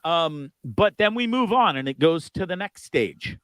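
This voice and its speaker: A man hosting a livestream, rambling through casual comedic chat with an animated manner and crude jokes. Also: on the high side, a little slow, smooth, no room sound. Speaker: livestream host.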